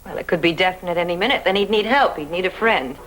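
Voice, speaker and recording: A woman's voice: on the low side, fast talker, fairly bright tone, rough recording. An actress playing an anxious, loyal young woman, talking breathlessly and stammering eagerly.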